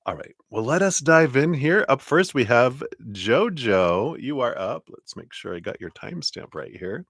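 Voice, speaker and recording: A man's voice: medium pitch, big pitch swings, normal speed, fairly bright tone, no room sound, studio quality. A man hosting a casual live tarot reading, chatty and reassuring, who laughs often.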